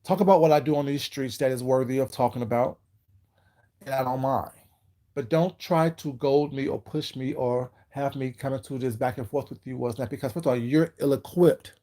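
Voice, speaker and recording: Livestream host, male, relaxed dark tone, slow emphatic call-outs between chat shout-outs. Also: medium pitch. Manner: greets viewers by name, calls them baby.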